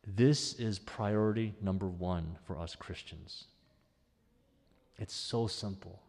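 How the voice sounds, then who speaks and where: A man preaching a sermon as pastor, in a conversational, animated way. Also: low-pitched, slow, long reverb tail. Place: church sanctuary.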